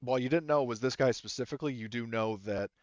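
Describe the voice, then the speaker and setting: A man's voice: medium pitch, quick pace, no room sound, dull audio. A man narrating a tabletop game as game master, rambling and hesitant with many fillers.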